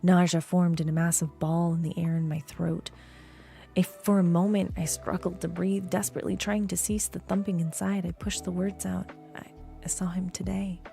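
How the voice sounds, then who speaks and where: A woman reads a story aloud in a slow, hushed voice that often sinks to a whisper. Her tone is low, gravelly and dark. Soft music plays behind her. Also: flat delivery. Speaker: streamer reading a story aloud. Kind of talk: reading a story aloud on a live art stream.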